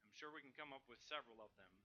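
A man preaching a sermon, moving emphatically between loud declarations and quieter asides. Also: medium pitch, very fast, low-quality recording.

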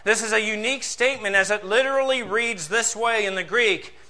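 A pastor delivers a sermon a little quickly, posing rhetorical questions and swinging between loud, emphatic bursts and soft, low passages.

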